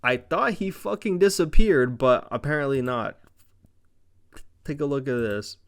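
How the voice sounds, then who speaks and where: A young man casually recapping a wrestling show, rambling, excited and profane. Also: mid-range voice, unhurried. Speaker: wrestling reviewer.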